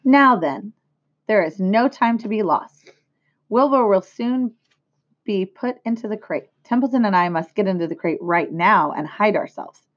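A woman voicing a clever, gentle female spider who speaks softly and firmly. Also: medium pitch, expressive. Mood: urgent. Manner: soft, measured. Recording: dull lo-fi recording, a little distant at times.

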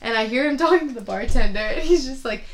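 A young woman co-hosting a casual chat, telling animated stories and swearing freely. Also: a little high, quick pace, slight background noise. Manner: animated, swears freely, acts out quotes in loud voices. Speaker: podcast co-host.

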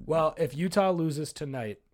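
A man's voice: a little high, unhurried. A man co-hosting a sports podcast, talking casually and animatedly, swearing freely as he rants. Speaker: podcast co-host.

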